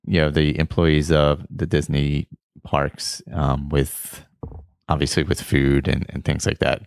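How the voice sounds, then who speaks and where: A man hosting a casual podcast, reading out listener shout-outs in a relaxed, rambling way with many fillers. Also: very deep voice, unhurried, gravelly, clear, resonant tone, dry recording, clean studio sound. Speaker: podcast host.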